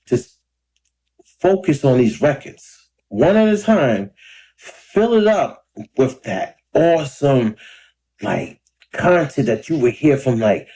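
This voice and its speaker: A man in his thirties chatting casually to camera in a rambling, laid-back way, a little hoarse and clearing his throat often. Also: mid-range voice, warm tone. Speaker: independent rapper and vlogger. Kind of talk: casual talking-to-camera vlog. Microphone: camera or phone mic.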